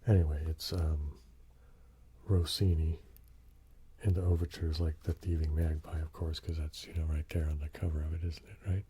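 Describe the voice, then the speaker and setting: Older man, soft-spoken ASMR, half-whispered, low voice, rambling with tag questions. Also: flat delivery, normal speed, a little hiss or hum. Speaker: ASMR host.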